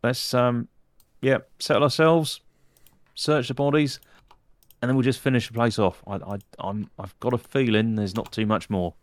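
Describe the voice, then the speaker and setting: Relaxed man at a game table. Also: medium pitch, moderate pace, no room sound. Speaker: player. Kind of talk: casual tabletop play.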